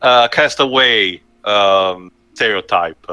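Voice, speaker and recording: A man in casual gaming chat, halting and wisecracking. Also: on the low side, pushed and bright, smooth, dry recording.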